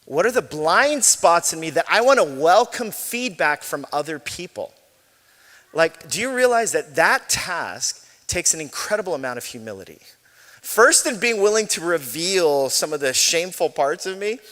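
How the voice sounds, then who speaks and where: A man's voice: a little high, big pitch swings, normal speed, fairly bright tone. A man in his forties preaching a sermon as pastor, chatty and self-deprecating, telling stories with laughs. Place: church sanctuary. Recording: long hall reverb.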